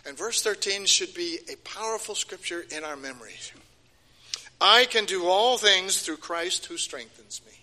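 A man's voice: high voice, lively intonation, measured pace, sharp tone. An older man giving a sermon, emphatic and repeating key phrases, his voice rising and falling. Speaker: preacher. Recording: long hall reverb.

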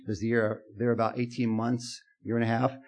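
A male pastor giving a conversational sermon to his congregations, growing animated when he quotes scripture. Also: mid-range voice, a little fast.

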